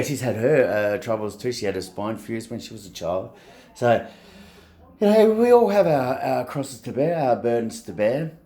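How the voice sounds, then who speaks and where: A man's voice: medium pitch, dark tone. A middle-aged man with an Australian accent, rambling in a casual, blunt and sweary monologue. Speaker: vlogger.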